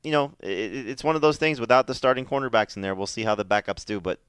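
A man's voice: medium pitch, quick pace, a bit bright, clean tone, no room sound, clean studio sound. A man co-hosting a fantasy football radio show, talking casually with many fillers and restarts. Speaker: fantasy football analyst co-host. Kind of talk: casual sports radio talk.

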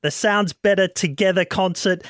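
A man's voice: sits high, normal speed, a bit bright, dry recording, studio quality. A man with an Australian accent hosting a radio interview, upbeat and enthusiastic. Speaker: radio host.

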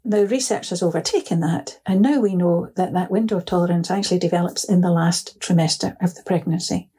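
A woman, a psychotherapist, explains ideas calmly in an interview and often laughs as she tells stories. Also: fairly low pitch, husky. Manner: calm, measured, often laughs while telling a story. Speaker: psychotherapist guest. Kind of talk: explanatory interview talk with anecdotes.

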